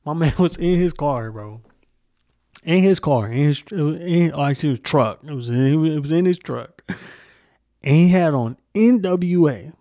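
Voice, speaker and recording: A man's voice: fairly high pitch, moderate pace, warm tone, no echo, clean studio sound. Heated, profane young man ranting solo. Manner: profane, heated, rambling with restarts. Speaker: podcast host. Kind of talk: casual solo podcast rant.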